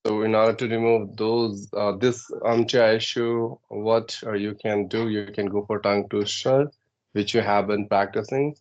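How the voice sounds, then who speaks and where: A man's voice: lowish voice, little pitch movement, normal speed, dull audio. A man, a podcast guest explaining pronunciation tips step by step, with frequent "uh"s and "right?" checks. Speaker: guest giving English tips. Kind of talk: instructive podcast chat.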